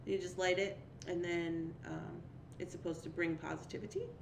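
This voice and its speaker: A woman's voice: on the low side, level tone, normal speed, gravelly, echoey room, noisy background. A young woman hosting a casual livestream chat, laughing often and reading viewer comments aloud. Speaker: livestream host.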